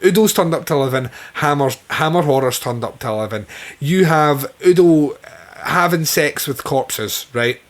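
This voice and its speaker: A man co-hosting a casual film podcast, with a voice pitched a little higher than most men. He talks with eager enthusiasm and peppers his chat with swearing. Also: lively intonation, normal speed. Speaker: podcast co-host.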